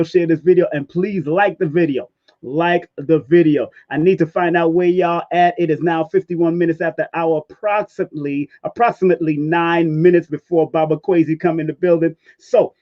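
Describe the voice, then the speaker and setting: A man hosting a live stream in casual chat, giving playful, hyped shout-outs with scat sound effects. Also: sits high, highs cut off. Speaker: livestream host. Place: Brooklyn, New York.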